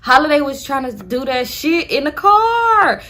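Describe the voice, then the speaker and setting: A young woman telling a casual storytime, slangy, profane and animated. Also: sits high, measured pace.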